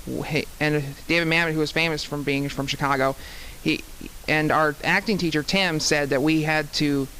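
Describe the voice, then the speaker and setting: A man's voice: fairly high pitch, fairly even intonation, moderate pace, bright, forceful tone, a little hiss or hum, poor audio. A man, a student actor, chatting casually in an interview, rambling with many restarts.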